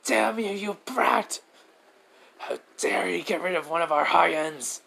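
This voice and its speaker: A man's voice: high voice, slow pace, gravelly, sharp tone, breathy edge, voice pushed up, exaggerated voice. A man voicing a furious young male villain leader, shrieking frantically in a fan-made story retelling. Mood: enraged.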